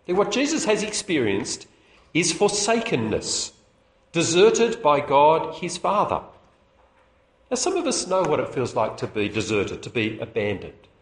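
A man preaching a sermon to a public meeting, expressive, with rhetorical questions and small chuckles. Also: medium pitch. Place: meeting hall. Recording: echoey room.

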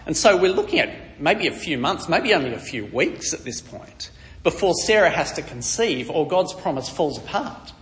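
A man preaching on a Bible passage in a lively, storytelling manner, dropping in wry asides. His voice sits a touch high and swings widely in pitch. A long reverb trails after him in the hall. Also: normal speed. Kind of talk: conversational Bible teaching.

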